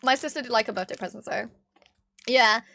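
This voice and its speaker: High-voiced Australian woman streamer. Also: a little fast, gravelly, no echo. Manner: animated, swears freely, acts out voices in stories. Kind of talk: casual stream chat, storytelling.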